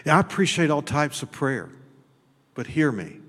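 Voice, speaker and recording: A man preaching a sermon as pastor. His delivery is folksy and blunt, with repeated words, and it swings between shouted high peaks and low, close talk. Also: big pitch swings, unhurried, breathy edge. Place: church sanctuary. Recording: long hall reverb.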